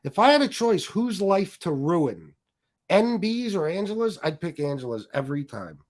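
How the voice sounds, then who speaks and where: This livestream host goads his detractors in a combative rant packed with swearing. He has a high voice with wide swings in pitch, talking at an ordinary speed.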